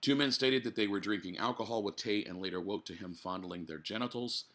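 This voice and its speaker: Man, very low voice, casual podcast host, reads article aloud, swears, chats from his living room. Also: fairly quick, fairly bright tone. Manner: blunt, swears freely, drinks while talking. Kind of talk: reading a news article aloud with casual asides.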